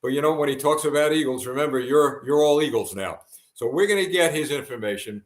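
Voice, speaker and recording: Earnest halting broadcast host. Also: male voice, on the high side, reverberant. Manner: halting, many fillers and restarts, earnest. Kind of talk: live broadcast talk.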